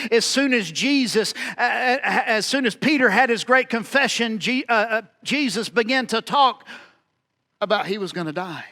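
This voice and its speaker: A man with a strikingly high voice preaches a sermon. He tells the story vividly, repeating words for emphasis and voicing its speakers himself, then drops low and quiet before rising again. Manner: dramatic preaching, acting out quoted dialogue with swings in loudness. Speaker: pastor.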